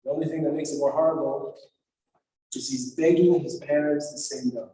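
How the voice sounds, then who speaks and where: A man's voice: fairly high pitch, fairly even intonation, brisk, mellow. A man, a rabbi, explaining liturgical lament poems in an earnest, emotional storytelling manner in a synagogue sanctuary. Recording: very echoey hall from far off.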